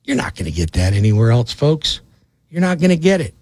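A man giving a brash, folksy, rapid-fire sales pitch as a loan officer, acting out little phone calls. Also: sing-song, a little mellow, no echo. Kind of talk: direct-to-camera sales pitch.

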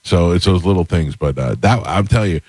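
A man's voice: low voice, lively intonation, a little fast, darkish tone, slightly rough, no echo. A man hosting a talk show, telling a casual, rambling anecdote with lots of restarts. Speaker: podcast host. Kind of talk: casual storytelling.

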